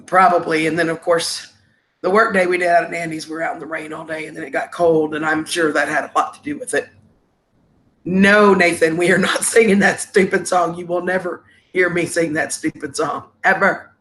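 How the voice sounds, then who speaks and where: A woman's voice: deep voice, fairly even intonation, normal speed, fairly bright tone. A woman hosting a casual live stream, congested and sniffly with a cough, greeting viewers with endearments over a laptop microphone.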